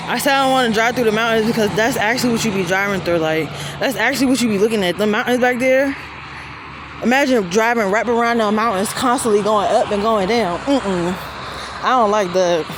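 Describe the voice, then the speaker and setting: A woman vlogger out of breath as she walks a rest-area trail, chatting casually and rambling in relaxed slang into a handheld phone. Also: medium pitch. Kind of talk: casual vlog narration while walking. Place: outdoors at a highway rest area. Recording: outdoor traffic noise.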